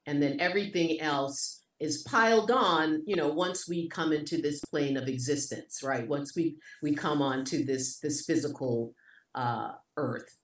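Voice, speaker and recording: Low-voiced New York woman on a roomy video call. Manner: lively, expressive, voice jumps up in animated moments. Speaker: actor, interview guest. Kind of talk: conversational storytelling. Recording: echoey room, distant from mic.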